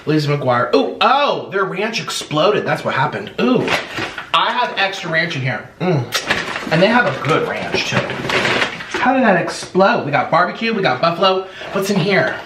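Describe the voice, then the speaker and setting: A man's voice: on the high side, big pitch swings, moderate pace, far from the mic. A young man hosting a mukbang eating vlog, talking in a hyper, bubbly way with sing-song exclamations. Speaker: mukbang host. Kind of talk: casual eating vlog chat. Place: room at home. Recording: echoey room, mic set back, faint hiss.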